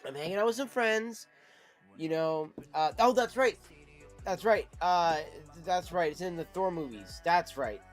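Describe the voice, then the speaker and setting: Guy with a pretty high voice swearing his way thru a story for his stream chat, faint music going behind. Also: measured pace. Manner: rambling, profane, animated. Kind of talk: casual storytelling to live chat.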